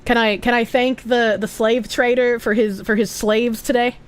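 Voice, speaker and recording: A woman's voice: a little high, flat delivery, moderate pace, smooth. A young woman with a Boston accent chatting casually on a live stream, rambling, giggly and swearing freely.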